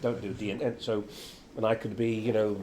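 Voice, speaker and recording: An older actor chatting as an interview guest, a lively storyteller who acts out quotes. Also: male voice, fairly low pitch, fairly quick, slight background noise. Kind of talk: casual interview chat. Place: venue with background chatter.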